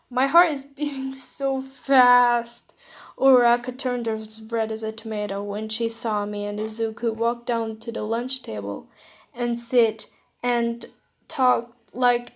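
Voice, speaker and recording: A woman reads a listener-insert fan story aloud, soft and emotional in her telling. Her voice sits fairly high and she takes her time, moving at a slow, unhurried pace. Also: gravelly. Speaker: fanfiction reader. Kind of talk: second-person fan story narration.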